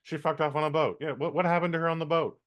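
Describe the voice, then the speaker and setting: A man's voice: a little high, steady tone, very fast, fairly bright tone. A man from San Francisco co-hosting a casual podcast, rambling bluntly and swearing. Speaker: podcast co-host.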